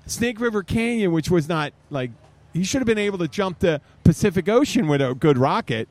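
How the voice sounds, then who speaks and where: A man's voice: sits high, animated, fairly quick, a little mellow, no room sound. A man with a slightly raised voice tells rambling stories peppered with swearing. He chats casually as a podcast host, recording outdoors on a bar stage. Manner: rambling, profane storytelling.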